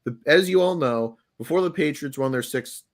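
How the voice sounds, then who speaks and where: A man's voice: a little high, moderate pace. A young man co-hosting a sports podcast, opinionated and sarcastic, laughing mid-sentence. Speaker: podcast co-host. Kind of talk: casual sports podcast chat.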